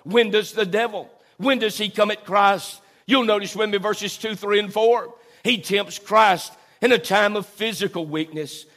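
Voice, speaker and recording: High-voiced preacher, slow emphasis. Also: male voice, a bit bright. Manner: preaches with slow, drawn-out emphasis and Southern folksy asides. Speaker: pastor. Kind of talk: sermon. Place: church.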